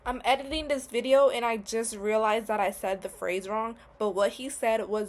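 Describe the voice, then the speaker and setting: A young adult woman telling a casual storytime vlog, blunt and animated, swearing heavily and using a lot of slang. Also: a little high, normal speed, hardly any pauses. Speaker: vlogger.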